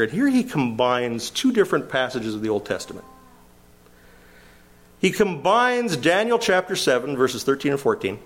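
An older man preaching a verse-by-verse sermon, animated, his voice climbing sharply when he quotes. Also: fairly high pitch.

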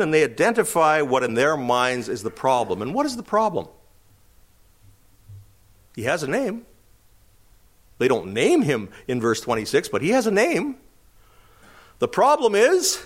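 A pastor gives a verse-by-verse Bible teaching, posing rhetorical questions and acting out the people he quotes. His voice is slightly high.

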